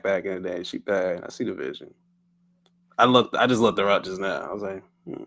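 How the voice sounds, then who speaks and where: A man's voice: low voice, brisk, gravelly, fairly bright tone, no room sound. A young man with a Baltimore accent, co-hosting a podcast in playful, laughing banter. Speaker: podcast co-host. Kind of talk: casual banter.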